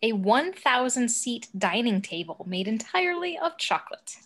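A woman's voice: fairly high pitch, very animated, normal speed, a bit bright. A woman reading the stage directions of a script aloud plainly and matter-of-factly.

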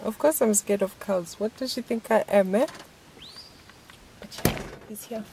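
A woman's voice: medium pitch, measured pace, creaky, noisy background. A woman vlogging on a phone camera outdoors by a rural road, chatting playfully with teasing, mock-dramatic asides. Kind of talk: casual vlog chat.

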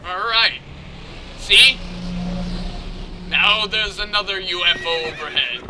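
A man's voice: sits high, lively intonation, takes it slowly, pauses often. A young man giving crude, joking commentary while playing a video game and talking to its characters. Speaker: let's play gamer. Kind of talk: casual gameplay commentary. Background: game music.

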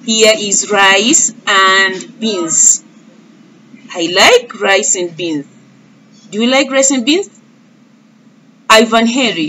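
A woman's voice: mid-range voice, slow pace, long pauses, sharp tone, slight background noise. A woman teaching a lesson to young children, speaking patiently and repeating words for them to echo back. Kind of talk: early-years classroom lesson.

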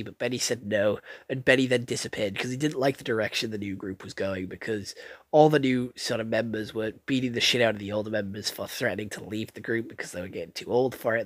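A man's voice: mid-range voice, no echo. Male film reviewer, off-the-cuff and blunt, swears a lot, dry recording. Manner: rambling, blunt, swears freely, many fillers. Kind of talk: casual spoken film review.

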